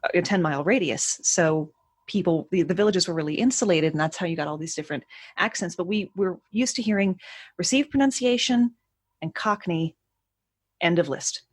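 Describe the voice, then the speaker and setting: An American woman with a low, husky voice chats as a podcast guest, wry and drifting from tangent to tangent. Her voice sounds dry and close on the mic. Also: brisk, no echo. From United States. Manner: chatty, wry, wanders off on tangents. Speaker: podcast guest, trivia writer. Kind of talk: casual podcast chat.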